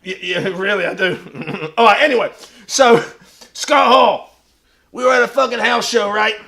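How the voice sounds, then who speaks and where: A man with a strikingly high, gravelly voice holds forth like a wrestling promo on his own livestream. He is boastful and foul-mouthed, and he breaks into shouts. His tone is bright and forceful. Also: normal speed. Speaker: livestream host in a wrestler persona. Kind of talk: brash wrestling promo talk.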